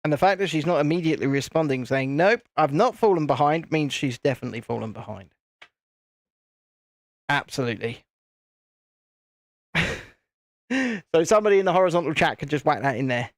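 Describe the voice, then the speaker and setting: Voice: mid-range voice, lively intonation, brisk, long pauses, no echo, studio quality. A host chatting casually on a live stream while building, rambling and repeating phrases.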